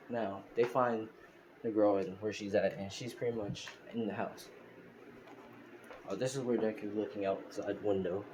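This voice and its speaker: A man casually narrating a fan story, rambling and full of fillers. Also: lowish voice. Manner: rambling, full of fillers like "you know" and "pretty much". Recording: hissy home screen recording.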